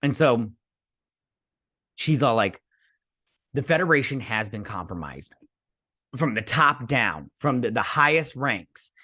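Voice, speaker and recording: A man's voice: mid-range voice, sing-song, takes it slowly, long pauses, pushed and bright, slightly rough, no room sound, clean studio sound. Rambling man recapping an episode. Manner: rambling, acting out quotes in passing. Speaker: show recapper.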